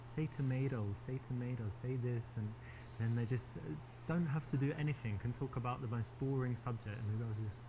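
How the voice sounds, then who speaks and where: A man's voice: medium pitch, a little fast, noisy background, close to an everyday voice. An actor with a London accent playing a cocky, flirtatious British man chatting up a woman, boastful and chatty with frequent ums. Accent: London English. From England. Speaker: date in a dating video game.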